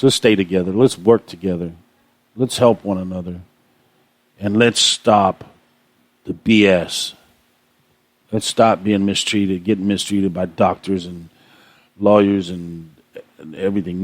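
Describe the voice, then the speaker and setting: A man with a fairly low voice vents on his own radio show, repeating himself. He sounds outraged and impassioned. The recording is close and dry. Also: no room sound. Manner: impassioned, aggravated, repetitive. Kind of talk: ranting monologue.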